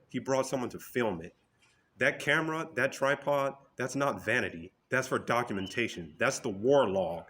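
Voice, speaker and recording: A man's voice: medium pitch, fairly bright tone, slight background noise. A man giving a motivational talk in an emphatic, direct, storytelling way.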